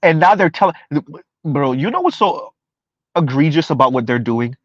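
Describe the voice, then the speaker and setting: A man's voice: on the high side, animated, normal speed, fairly bright tone, no room sound. Ranting streamer man, emphatic and repetitive. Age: under 41. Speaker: live-stream commentator. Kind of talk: casual live-stream commentary. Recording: dry, slightly dull lo-fi sound.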